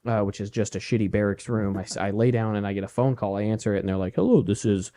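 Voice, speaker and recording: Young man, podcast co-host, casual storytelling, profane, mellow dark tone. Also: on the low side, fast. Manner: profane, animated when acting out quotes.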